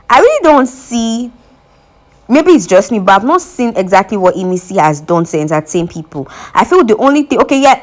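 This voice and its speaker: A young Nigerian woman with a Nigerian accent, chatting opinionatedly as an entertainment vlogger who breaks down reality-show gossip and reads out fan comments. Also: mid-range voice.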